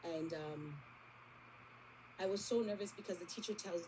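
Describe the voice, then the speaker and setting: A woman's voice: on the low side, normal speed, background noise. A woman in her forties telling a personal testimony to a church congregation, acting out the conversations in her story. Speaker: church member giving testimony. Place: church service.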